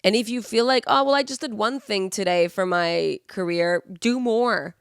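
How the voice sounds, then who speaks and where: A woman's voice: mid-range voice, normal speed, clear, resonant tone, dry recording, studio quality. A woman in her twenties, sick with the flu, hosting a solo podcast and giving earnest, rambling motivational advice full of fillers. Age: 20s. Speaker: podcast host. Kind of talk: casual solo podcast monologue.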